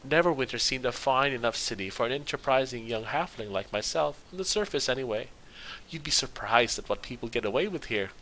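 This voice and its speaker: A bragging halfling rogue from a fantasy game spins a long, rambling story, read aloud by a man. The voice stays bright and plain. A faint hiss sits underneath. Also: medium pitch, lively intonation, fairly quick, low-quality recording. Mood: boastful. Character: boastful roguish male halfling thief.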